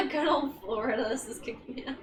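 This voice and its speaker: A teasing woman chats casually while they play a game together. Her voice sits a little high and comes from some way off the microphone, over a steady hiss of background noise. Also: moderate pace. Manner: teasing, playful. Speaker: gaming streamer. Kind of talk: casual gameplay chat. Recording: distant mic with background noise.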